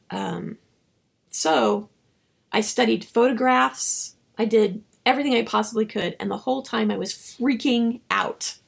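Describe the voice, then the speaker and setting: A woman novelist being interviewed, telling stories in an animated way and acting out her own dialogue. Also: mid-range voice, gravelly, breathy edge. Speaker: novelist guest. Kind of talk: casual interview storytelling.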